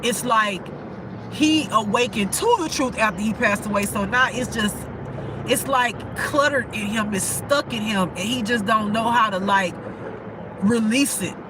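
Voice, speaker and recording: A woman's voice: fairly high pitch, unhurried, background noise. A woman giving a casual intuitive spiritual reading, emotional and repetitive, with frequent cursing.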